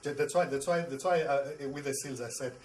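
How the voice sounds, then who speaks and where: A man's voice: mid-range voice, fast, a little hiss or hum, poor audio. A man, a pastor, teaching a Bible class. He repeats and restarts words and asks the class questions. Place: classroom with a board.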